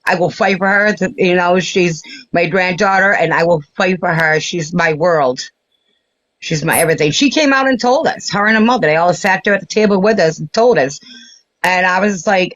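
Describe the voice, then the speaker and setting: A woman's voice: fairly low pitch, moderate pace, fairly bright tone, no room sound. An older woman calling into a live stream, talking in an emotional, effusive way. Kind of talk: casual chat. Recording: dull lo-fi stream audio.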